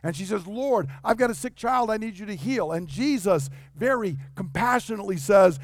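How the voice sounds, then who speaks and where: High-voiced pastor preaching with emphasis. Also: male voice, expressive, moderate pace, few pauses, no room sound. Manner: acts out quoted voices, emphatic and conversational. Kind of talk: sermon.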